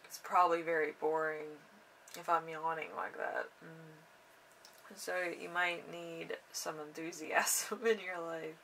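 A young woman giving a casual tarot reading in an unhurried, rambling way with drawn-out fillers. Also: low-pitched, level tone, creaky, a bit bright, far from the mic, slight background noise, low-quality recording. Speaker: tarot reader.

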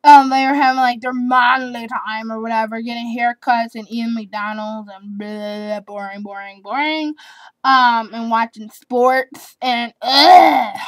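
Brief: eleven-year-old girl vlogger, high-pitched, chatty and giggly, dry close sound. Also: no echo. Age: child, eleven. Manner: chatty, giggly, rambling with restarts and repeats. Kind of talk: casual chat answering tag questions.

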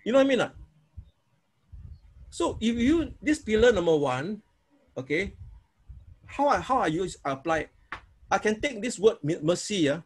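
A man's voice: sits high, big pitch swings, moderate pace, pauses often, slightly rough. A man teaching a sermon on prayer, repeating himself and acting out prayers in an informal way. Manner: repetitive, informal, demonstrates prayers aloud. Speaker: preacher.

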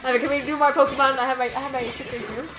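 Bubbly high-voiced young woman streamer. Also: steady tone, very fast. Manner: bubbly, chatty, laughs often. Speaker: stream host. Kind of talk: casual game stream chat. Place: room at home, on a couch. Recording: echoey room with game music.

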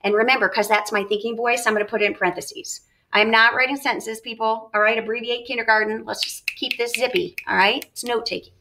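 A woman's voice: fairly high pitch, steady tone, quick pace, hardly any pauses, sharp tone. A middle-aged woman teacher leading a reading lesson, reading a story aloud and modeling note-taking, with frequent checks like "okay?". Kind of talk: classroom lesson with read-aloud.

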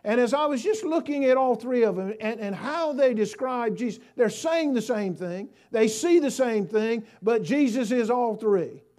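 A man preaching in a church with a high, light voice. He tells a story quietly, then rises into loud, fervent bursts of praise and calls to the congregation. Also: lively intonation, normal speed, few pauses. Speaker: pastor. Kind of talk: sermon. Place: church sanctuary.

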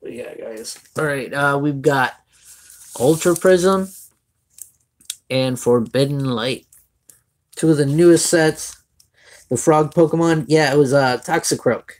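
A young man from Florida with a Floridian Southern accent chats casually on a live stream, opening card packs and greeting viewers by name. His voice is a little high, and he takes it slowly with long pauses.

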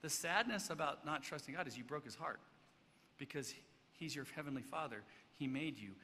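A man preaching a sermon as pastor, swinging between loud emphatic stretches and hushed, soft passages. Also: a little high, lively intonation, normal speed. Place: church sanctuary. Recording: church hall reverb, faint background noise.

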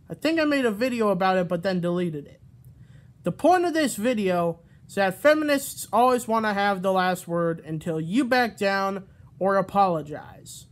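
A man's voice: high-pitched, a bit bright. Profane rambling man ranting on camera. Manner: profane, rambling, restarts and corrects himself. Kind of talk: ranting vlog. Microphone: camera mic.

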